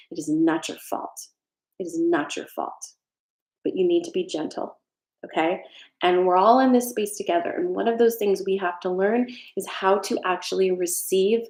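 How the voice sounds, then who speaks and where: A woman's voice: mid-range voice, darkish tone, roomy sound. A woman doing a casual tarot reading on a live stream, earnest and reassuring, with some frank swearing. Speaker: tarot reader.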